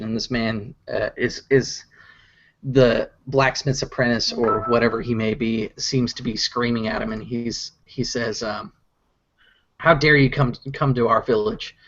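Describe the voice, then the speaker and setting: A man's voice: mid-range voice, fairly even intonation, a little slow, dull audio. Casual man narrating a tabletop game. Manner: casual, hesitant with fillers. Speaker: game master. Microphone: online video call.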